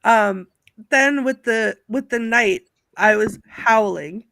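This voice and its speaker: A woman's voice: on the high side, takes it slowly, creaky, dry recording. A woman in casual chat on a movie panel, laughing often and reading aloud from her notes. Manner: giggly, animated, reads out notes.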